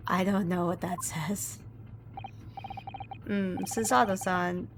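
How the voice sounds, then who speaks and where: A woman streamer comments on a game she is playing with joking, amused asides. Her talk is loose and casual. Background noise is clearly heard. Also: lowish voice, steady tone, slow.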